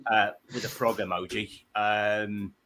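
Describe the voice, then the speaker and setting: A man's voice: fairly low pitch, little pitch movement, unhurried, crowd noise. A man hosting a comedy panel show, telling rambling self-deprecating stories full of stammered restarts.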